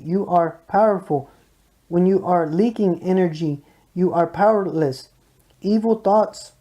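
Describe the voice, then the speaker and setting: Mellow-toned voice reading spiritual teachings, calm and measured. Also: medium pitch. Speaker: reader of a spiritual discourse. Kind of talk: read spiritual talk.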